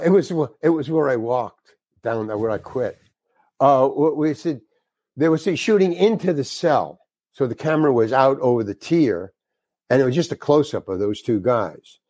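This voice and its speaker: A man's voice: mid-range voice, lively intonation, normal speed, darkish tone, no echo. An older man, a guest actor, telling a casual anecdote in a rambling way, with restarts and casual slang.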